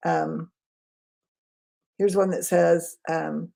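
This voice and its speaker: A woman communication trainer in a live webinar, answering chat questions in a quick, conversational way. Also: lowish voice, vocal fry, mellow, breathy edge. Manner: quick, conversational, self-aware.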